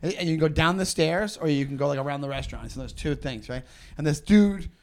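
A man's voice: fairly high pitch, fast. A middle-aged man, a comedian guest on a podcast, telling stories in a casual, heated and profane way.

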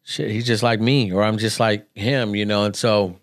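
A man's voice: on the low side, steady tone, moderate pace, no room sound, clean studio sound. A man co-hosting a casual podcast, easygoing and dropping "man" and "dude" often. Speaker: podcast co-host.

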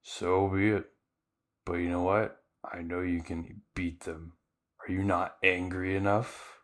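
A man's voice: low-pitched, little pitch movement, takes it slowly. A man putting on the voice of a scheming male fishman pirate boss who taunts his monster. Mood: taunting.

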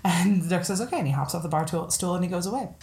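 A woman's voice: lowish voice, quick pace. Playful woman telling jokes, echoey room. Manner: animated, playful, laughs often. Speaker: podcast co-host. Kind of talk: casual chat, joke telling.

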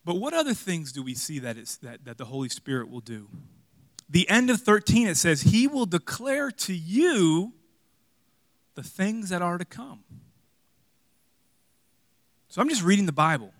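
A man preaching a sermon in a conversational, dynamic way, with loud emphatic peaks, hushed asides, jokes and rhetorical questions. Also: high voice, big pitch swings, a little slow, long pauses, no echo, studio quality. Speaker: pastor.

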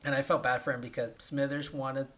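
A man's voice: medium pitch, level tone, brisk, a bit bright. A man hosting a casual podcast chat, rambling through a retelling and ending lines with "right?". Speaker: podcast host.

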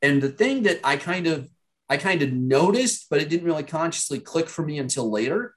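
A man co-hosting a podcast who recaps and discusses a TV series in a measured way. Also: fairly high pitch, very animated. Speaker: podcast co-host. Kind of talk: casual chat reviewing a TV series.

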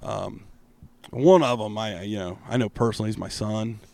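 Man from Ohio, podcast co-host, deadpan humor, mid voice, dry close mic. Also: fairly low pitch, normal speed, vocal fry, no room sound. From Ohio, USA. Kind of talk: casual chat.

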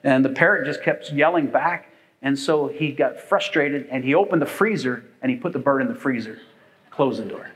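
A man's voice: medium pitch, normal speed, a bit bright, rough recording. Older male pastor, folksy rambling sermon delivery. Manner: folksy, rambling, with frequent fillers.

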